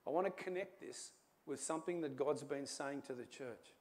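A man preaching a sermon as pastor, telling a story and swinging from hushed asides to loud calls, with little chuckles along the way. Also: medium pitch, moderate pace.

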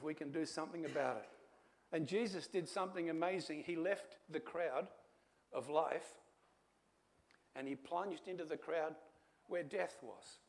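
A man preaching a sermon as pastor, telling a story and swinging from hushed asides to loud calls, with little chuckles along the way. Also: high voice.

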